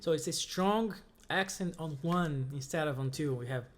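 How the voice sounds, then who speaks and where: A man's voice: on the high side, moderate pace. A man who speaks as his gives a casual music lesson, counting beats aloud between guitar examples. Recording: guitar playing heard loudly.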